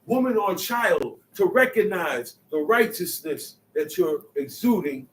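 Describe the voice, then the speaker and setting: A man's voice: sits high, animated, unhurried, few pauses. Emphatic man preaching in an echoey room. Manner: emphatic, repeats phrases, swings from soft asides to loud outbursts. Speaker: teacher. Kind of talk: street-talk Bible teaching. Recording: echoey room, mic set far off.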